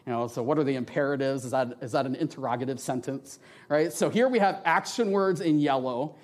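This man has a medium-pitched, brisk voice and delivers a church sermon alongside slides, using a handheld microphone. His style is conversational and animated, with frequent "right?" tags and lively impressions of the voices in the quotes he shares.

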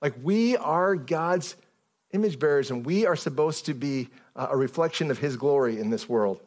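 A man's voice: fairly high pitch, lively intonation, normal speed, a little mellow. Man preaching a casual, restless sermon. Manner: conversational preaching with many restarts and fillers. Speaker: pastor.

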